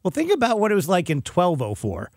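Male host, higher-pitched, loose and jokey, dry studio sound. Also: wildly swooping pitch, fairly quick, no room sound. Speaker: radio host. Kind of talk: casual talk radio chat.

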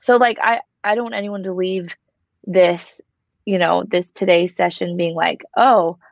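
A woman with a gravelly, fry-edged voice tells an animated story and laughs at herself. The recording is dull and lo-fi, with a dry, close sound. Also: fairly low pitch, normal speed, dry recording. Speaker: co-host of a faith talk show. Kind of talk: casual faith conversation.

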